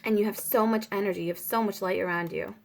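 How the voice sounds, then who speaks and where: A woman's voice: medium pitch, fairly even intonation, fast talker. A young woman giving a casual spiritual tarot reading, rambling with many fillers. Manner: rambling, filler-heavy, breaks off to pray aloud. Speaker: tarot reader.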